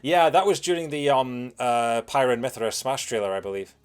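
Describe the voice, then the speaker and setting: A man's voice: mid-range voice, animated, a little fast, smooth. A young British man giving casual commentary while playing a video game, rambling with lots of fillers as he answers chat.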